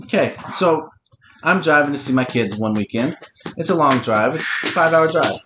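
A man's voice: a little high, lively intonation, normal speed, music in the background. A middle-aged man hosting a podcast and telling a long story in a casual, profane, teasing way. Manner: profane, teasing, talks to his listener directly. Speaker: podcast host.

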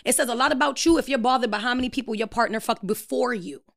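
A woman's voice: on the high side, fast, creaky. Blunt, emphatic young woman. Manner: blunt, emphatic, preachy rants. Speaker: podcast guest. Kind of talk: casual chat.

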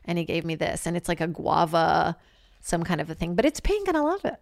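A woman in her thirties, a comic and podcast host, telling stories in a brash, animated way and acting out voices. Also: lowish voice, brisk, gravelly. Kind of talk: casual storytelling monologue.

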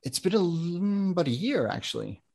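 A man's voice: high-pitched, big pitch swings, normal speed, creaky, darkish tone, breathy edge. An American man, an ADHD coach, talking in a casual podcast interview, rambling with many restarts and plenty of enthusiasm. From United States.

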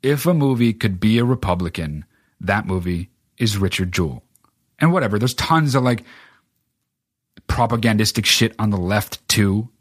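A man's voice: fairly low pitch, expressive, normal speed, no echo, studio quality. A man hosting a solo podcast, ranting casually about films in a profane, rambling way with lots of filler words. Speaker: podcast host. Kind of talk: casual solo film rant.

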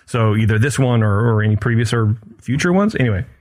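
A man co-hosting a podcast in casual chat, animated and laughing often, calling people "man" and "dude.". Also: on the low side, fast. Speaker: podcast co-host.

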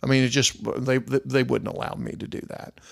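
A man's voice: medium pitch, steady tone, moderate pace, vocal fry. A middle-aged man, a private investigator telling an indignant story in a casual monologue and acting out the other people's lines.

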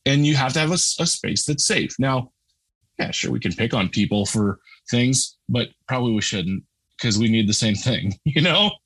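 A man's voice: mid-range voice, animated, moderate pace, a bit bright, breathy edge, dry recording. A man hosting a podcast, talking earnestly and conversationally, with many fillers. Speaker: podcast host. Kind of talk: casual conversation.

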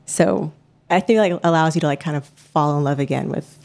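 A woman's voice: deep voice, brisk, gravelly, a little mellow. A woman answering interview questions, thoughtful and hesitant, full of fillers and restarts. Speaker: podcast host guest.

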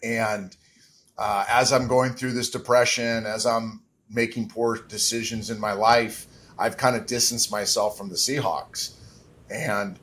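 A man's voice: on the low side, fairly even intonation, measured pace, fairly bright tone. Man, middle-aged, interview guest, candid, reflective, emotional at moments. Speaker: interview guest, former quarterback.

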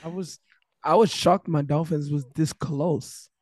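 A man's voice: fairly high pitch, steady tone, measured pace, a little mellow, no room sound, clean studio sound. A man in casual chat, stammering and repeating himself, with lots of slang.

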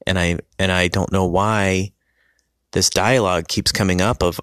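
A man casually telling a personal story about his family, halting with many ums and restarts. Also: low voice, fairly even intonation, fairly bright tone, clean tone, no echo, studio quality.

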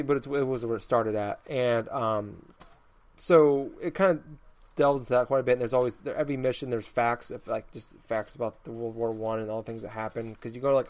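A man's voice: medium pitch, a little mellow. A man hosting a casual chat, rambling through an explanation with lots of false starts and restarts.

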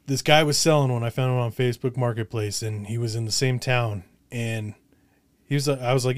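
A man's voice: mid-range voice, fairly even intonation, brisk, no echo. A man hosting a podcast over a remote call, telling stories casually with plenty of fillers. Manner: chatty storyteller, many fillers. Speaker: podcast host. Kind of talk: casual conversation. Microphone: remote podcast setup.

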